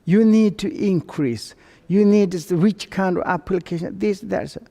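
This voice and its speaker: A man's voice: high-pitched, measured pace, creaky, dark tone. A man from Tibet with a Tibetan accent, giving a Buddhist teaching in broken English and telling stories with acted dialogue. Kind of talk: dharma teaching. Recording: long reverb in a large room.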